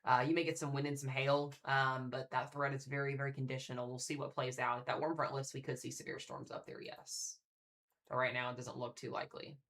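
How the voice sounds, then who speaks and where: A man's voice: medium pitch, little pitch movement, brisk, fairly bright tone. A man hosting a live severe weather stream, chatting casually with viewers while he reads out warnings. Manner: casual, chatty, talks straight to viewers in the chat. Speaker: livestream weather host.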